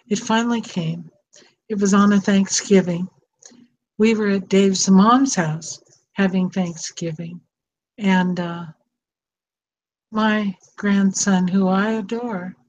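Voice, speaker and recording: Slow, earnest older woman. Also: mid-range voice, a little mellow, muffled recording. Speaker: speaker on estranged parents. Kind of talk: personal storytelling talk. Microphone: online call microphone with echo.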